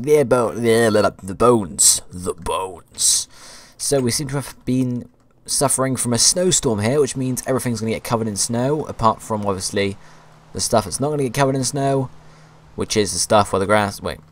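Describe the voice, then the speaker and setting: A young man with a slightly low voice doing rambling, self-mocking commentary over a game he is playing. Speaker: gaming YouTuber. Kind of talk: joking Let's Play commentary.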